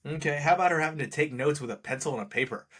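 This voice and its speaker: A man's voice: a little high, rapid-fire, a bit bright, breathy edge. A man co-hosting a podcast, chatting casually about a movie with a wry, sarcastic edge and frequent laughter. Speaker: podcast co-host. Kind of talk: casual movie review chat.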